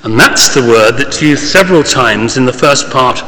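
A man gives a sermon in a church, talking through his points casually, with fillers and small asides. His voice sounds bright and forward. Long reverb from the large hall trails behind his words. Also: mid-range voice, expressive, moderate pace. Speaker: preacher.

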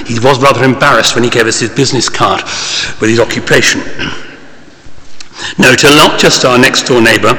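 A man gives a sermon in a church, talking through his points casually, with fillers and small asides. His voice sounds bright and forward. Long reverb from the large hall trails behind his words. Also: mid-range voice, fairly even intonation, moderate pace, long pauses. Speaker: preacher.

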